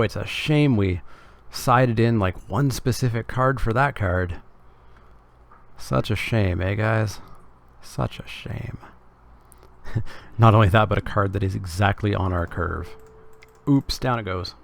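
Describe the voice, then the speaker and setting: Gravelly Canadian man streaming a game. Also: on the low side, a little hiss or hum. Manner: casual, wry, talks to chat. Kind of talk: live gameplay commentary.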